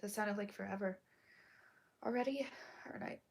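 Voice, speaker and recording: A woman reading a story aloud while sick and hoarse, coughing between lines and often dropping to a whisper. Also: mid-range voice, darkish tone. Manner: slow, halting, often drops to a whisper. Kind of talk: casual live read-aloud with asides.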